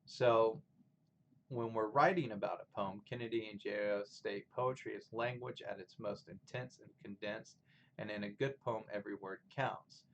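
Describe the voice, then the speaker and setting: A man's voice: lowish voice, fairly even intonation, moderate pace, a little hiss or hum, rough recording. A man lecturing on poetry to a class, explaining with fillers and restarts. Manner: reads poems aloud with stressed rhythm, louder than his talk. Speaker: literature lecturer. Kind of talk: recorded lecture with poetry reading.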